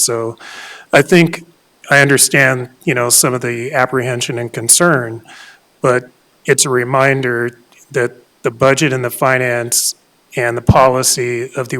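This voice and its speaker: Flat-voiced man speaking at a county meeting. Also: mid-range voice. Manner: steady, even delivery with many "you know" fillers. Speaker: county commissioner. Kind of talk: public meeting remarks.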